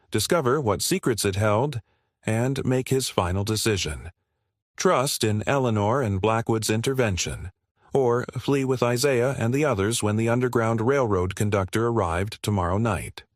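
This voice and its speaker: Man, story narrator, steady measured delivery, low voice, dry close sound. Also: no room sound. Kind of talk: scripted narration.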